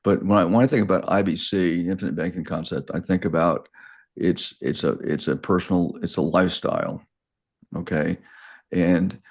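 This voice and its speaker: A man in his sixties with a very deep, low-pitched voice tells a long personal story. He talks in a halting, casual way, stopping and restarting phrases and repeating small words as he searches for them. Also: a little mellow, slightly rough. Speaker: guest.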